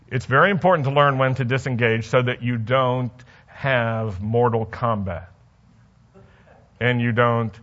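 A man's voice: medium pitch, fairly bright tone, lo-fi sound. A man preaching a sermon in a conversational way, asking the congregation questions and telling stories from his own life. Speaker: pastor.

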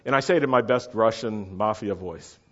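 Middle-aged man, low-pitched and chatty, storytelling with a casual, animated delivery. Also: fairly quick. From United States. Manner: animated, chatty, asks listeners to follow along. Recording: dull lo-fi recording.

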